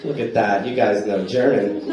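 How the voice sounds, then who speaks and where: A man's voice: medium pitch, recorded from a distance, muffled recording, noisy background. American man doing stand-up in an echoey club. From United States. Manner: storytelling with frequent "right?" tags, loud shouted punchlines. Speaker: stand-up comedian. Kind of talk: live stand-up set. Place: comedy club stage. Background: audience laughter.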